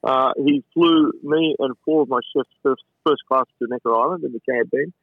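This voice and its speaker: An Australian man tells anecdotes in a relaxed, rambling way, tripping over his words and doubling them up. His voice is husky and comes through a narrow, tinny, phone-like channel. The sound is dry, with no room around it. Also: mid-range voice, fairly quick, dry recording. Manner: chatty, stumbling repetitions of words. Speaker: chef and restaurateur, interview guest. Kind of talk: casual anecdotal storytelling.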